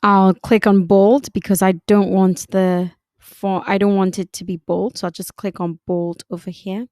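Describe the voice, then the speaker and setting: A woman narrating a screen-recorded design tutorial, giving unhurried step-by-step instructions. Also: mid-range voice, little pitch movement, a little mellow, no room sound, studio quality.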